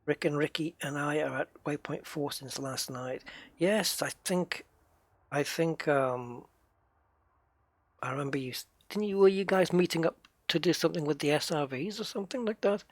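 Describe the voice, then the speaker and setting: An Englishman streams a space game and chats loosely with his viewers, thinking out loud between remarks. His voice sits a little higher than most men's. The recording is close and dry, with no room sound. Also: moderate pace, dry recording. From United Kingdom. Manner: chatty, musing aloud to viewers. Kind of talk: casual live-stream commentary.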